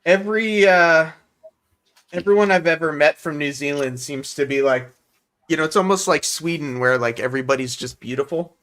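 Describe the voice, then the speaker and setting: A man's voice: a little high, normal speed. A man hosting a livestream, talking casually and joking while he works on a model kit. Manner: relaxed, joking, thinking aloud while working.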